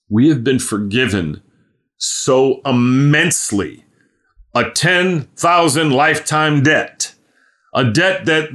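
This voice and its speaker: A man preaching a sermon in an earnest voice, rising to loud emphatic peaks and dropping to low, hushed stretches, with frequent restarts as he thinks aloud. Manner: repeats and restarts words while thinking aloud.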